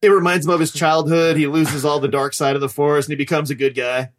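A man's voice: fairly high pitch, little pitch movement, quick pace. A man co-hosting a casual podcast chat, telling crude jokey stories. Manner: crude, joking, storytelling. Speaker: podcast co-host.

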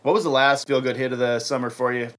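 A man's voice: mid-range voice, level tone, fast, a bit bright. A man co-hosting a casual podcast, joking, laughing often and acting out silly voices for characters. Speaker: podcast co-host. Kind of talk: casual comedic chat.

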